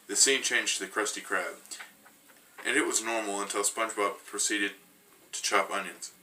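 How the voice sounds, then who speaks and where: A man with a low, flat voice reads his own creepy story aloud, often restarting a word. He sounds set back from the microphone, and loud music plays under him throughout. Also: moderate pace, far from the mic, slight background noise, poor audio. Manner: narrates in first person, with frequent restarts. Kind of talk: reading a self-written creepy story.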